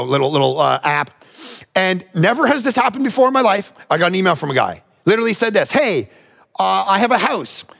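A man's voice: high-pitched, vocal fry, a bit bright. A man preaching a sermon, telling personal stories in a conversational, emphatic way and often turning to address his listeners directly. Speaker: pastor.

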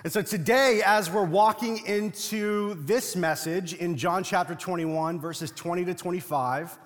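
In a large hall, a young pastor from a Latino family preaches a sermon in a high voice at a slightly slow pace. His delivery is loose and conversational, full of humorous storytelling.

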